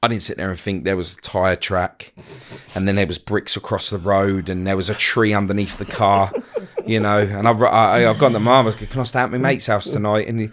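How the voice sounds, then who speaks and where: A man telling stories in an interview, rambling and halting with many fillers and restarts. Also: on the low side, fairly even intonation. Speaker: interview guest. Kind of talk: casual storytelling interview.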